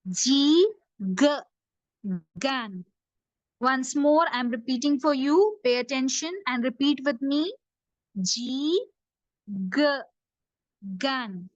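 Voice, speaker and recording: A woman speaks slowly and expressively in a high voice, leaving long pauses; the recording has no room sound and its highs are cut off. She teaches phonics to young learners, drilling letter sounds patiently through slow repetition.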